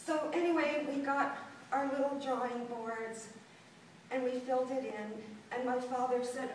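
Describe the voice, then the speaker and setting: A woman's voice: high-pitched, fairly even intonation, slight background noise. Older lady telling her own life story, lots of ums, mic far off, big echo. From Los Angeles. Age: 60s. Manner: halting, with frequent ums and laughter. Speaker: performance artist. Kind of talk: autobiographical storytelling performance. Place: gallery room before an audience. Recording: very echoey room, distant mic.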